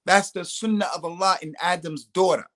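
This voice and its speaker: Man giving religious guidance, slightly high. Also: steady tone, a bit bright. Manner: explanatory, recites Arabic quotations quickly. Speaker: Islamic scholar answering questions.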